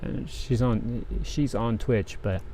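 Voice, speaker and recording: A man's voice: mid-range voice, steady tone, takes it slowly, dark tone, a little hiss or hum. A man hosting a casual livestream, chatting in a rambling way with many restarts while he cross-stitches. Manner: rambling, restarts, talks while working thread. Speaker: livestream host. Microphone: desk microphone.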